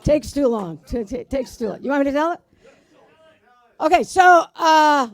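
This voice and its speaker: Brash high-voiced woman telling jokes. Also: lively intonation, normal speed, no echo. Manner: brash, swears at the audience. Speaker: stand-up comedian. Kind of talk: stand-up joke telling. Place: community arts center stage.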